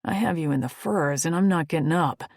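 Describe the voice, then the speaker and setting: A brooding, possessive male alien warrior, voiced by a woman, speaks in short, growled lines. The voice sits low and gravelly with a husky edge. He comes across as a stubborn brute from a romance storybook. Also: brisk, a little mellow, no room sound, studio quality.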